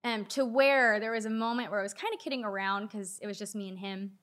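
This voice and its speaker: A young adult woman giving a candid personal faith testimony as a guest, earnest and halting with many fillers. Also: medium pitch, fairly bright tone, soft background music. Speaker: guest sharing her story.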